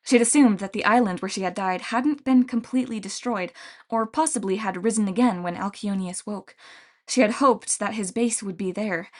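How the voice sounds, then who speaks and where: A woman narrating a fantasy novel as an audiobook reader in a steady storytelling manner. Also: medium pitch, normal speed.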